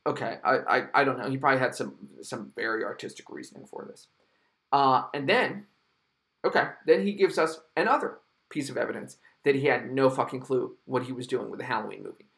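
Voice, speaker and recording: A man's voice: medium pitch, fairly bright tone. A man hosting a solo podcast, reviewing a film in a sarcastic, exasperated rant full of swearing. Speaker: podcast host reviewing films.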